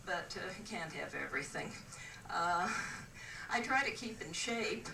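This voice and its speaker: An older West Coast woman performs stand-up on a cruise, delivering jokes dryly and hesitantly with many "uh"s. Her fairly low voice is expressive, unhurried, and creaky, picked up by a distant, roomy mic with ambience and background noise.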